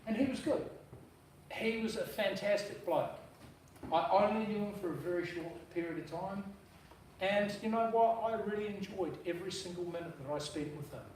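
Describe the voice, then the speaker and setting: A man with a high voice delivers a casual, blunt eulogy, full of slang and the odd swear word. He sounds distant from the mic in a very echoey room. A faint hum of the room sits behind him. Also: moderate pace, a little mellow. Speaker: brother-in-law giving a eulogy. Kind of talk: informal eulogy at a memorial service. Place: memorial service venue.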